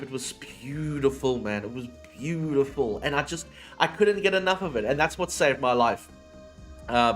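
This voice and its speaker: A man's voice: mid-range voice, fairly bright tone. A man chatting casually with his chat audience on a livestream. He swears freely and drifts between topics.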